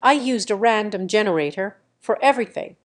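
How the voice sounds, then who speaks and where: A young adult woman giving a scripted first-person story narration in measured, steady, clipped sentences. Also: mid-range voice.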